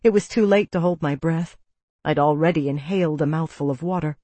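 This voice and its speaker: A woman's voice: deep voice, a little fast, mellow, dry recording. A woman reading a first-person audiobook with tense, vivid storytelling. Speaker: narrator.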